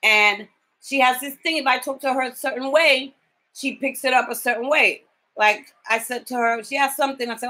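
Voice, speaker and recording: A woman's voice: high-pitched, moderate pace, pushed and bright, rough recording. A woman caregiver talking in a casual video diary. She is tired from lack of sleep and talks bluntly, swearing freely as she vents. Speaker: home caregiver.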